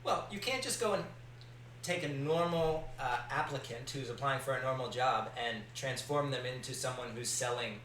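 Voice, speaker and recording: A man's voice: medium pitch, moderate pace, a bit bright, slight background noise. A man hosting a podcast, asking curious, probing questions. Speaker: podcast host. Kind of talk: interview questions. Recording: roomy and distant from the mic.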